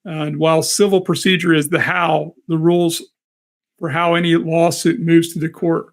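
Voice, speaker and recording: A man's voice: on the high side, little pitch movement, moderate pace. A man in casual conversation over a video call, hesitantly reading out what he looked up.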